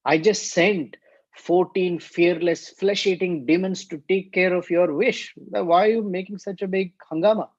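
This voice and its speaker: A man voicing an angry, proud male demon lord who scolds with indignant, booming rebukes. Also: normal speed, few pauses, a little mellow, no echo. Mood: irritated scolding. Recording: dull, dry lo-fi recording.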